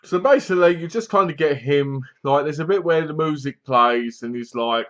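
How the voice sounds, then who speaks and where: A man's voice: fairly high pitch, normal speed, hardly any pauses, fairly bright tone, highs cut off. Rambling man reviewing a horror film. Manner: rambling, retelling a plot with frequent fillers. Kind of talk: casual film review vlog.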